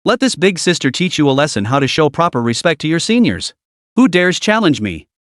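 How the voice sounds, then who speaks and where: A man's voice: a little high, very animated, brisk, fairly bright tone, no room sound, studio quality. A man reading as a taunting tough senior girl. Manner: taunting, boastful. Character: haughty tough older female student.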